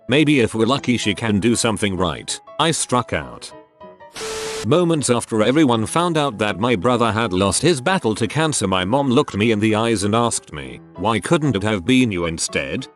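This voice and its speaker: Lively low-voiced man narrating stories. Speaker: story narrator. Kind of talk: reading internet stories aloud.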